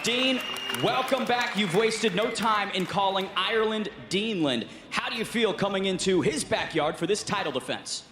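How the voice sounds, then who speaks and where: A man's voice: sits high, expressive, moderate pace, noisy background. Upbeat male host at a press conference. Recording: echoey hall with a crowd.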